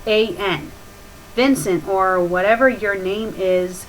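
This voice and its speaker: A woman's voice: medium pitch, takes it slowly, slight background noise, poor audio. A woman hosting a fanfiction critique show, reading the story aloud and breaking in with mocking, exasperated corrections. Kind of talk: sarcastic dramatic reading with commentary.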